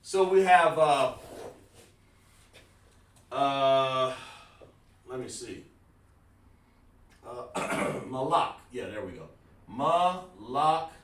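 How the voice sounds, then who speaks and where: A man's voice: medium pitch, lively intonation, very slow, long pauses, a bit bright. Man teaching from a board, roomy sound. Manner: casual, informal, addresses viewers by name. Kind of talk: live-streamed language lesson at a board. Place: room with a writing board. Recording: roomy sound, mic far from the speaker.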